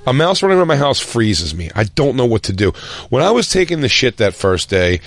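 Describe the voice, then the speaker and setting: A man's voice: mid-range voice, very animated, fairly quick. A man co-hosting a comedy podcast, teasing his partner and swearing, acting out his own panicked reactions. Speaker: podcast co-host. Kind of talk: casual comedy chat.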